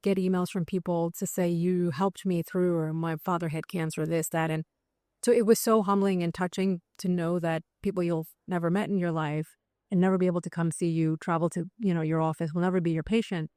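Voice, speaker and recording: Lively woman guest with a dry, close sound. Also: lowish voice, brisk, no echo. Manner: animated storytelling, acts out quoted thoughts, many fillers. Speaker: psychiatrist and author, podcast guest. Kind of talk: conversational interview.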